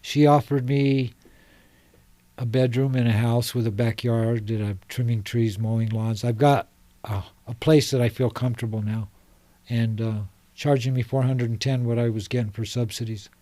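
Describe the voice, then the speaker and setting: A middle-aged man from Salt Lake City talks as a podcast guest, earnest and fired up, drifting from one thought to the next. His voice is dark and mellow, recorded close and dry with no room around it. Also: medium pitch, steady tone, normal speed, no room sound. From Salt Lake City, Utah. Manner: earnest, passionate, loosely rambling. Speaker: guest, homeless advocate. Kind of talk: casual podcast conversation. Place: podcast studio.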